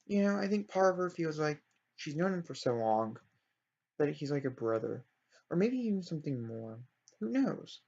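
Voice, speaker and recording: Speaking at a normal speed, a man with a higher, creaky, darkish voice swings his pitch widely as he spins a story from a life-simulation game. He rambles, backtracks to fix his words, and apologizes along the way. The recording is dull and lo-fi.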